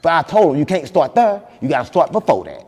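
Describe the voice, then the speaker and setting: A man hosting a podcast, boasting in animated banter and repeating catchphrases, loud one moment and soft the next. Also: a little high, fast, husky, in a large hall. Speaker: podcast host.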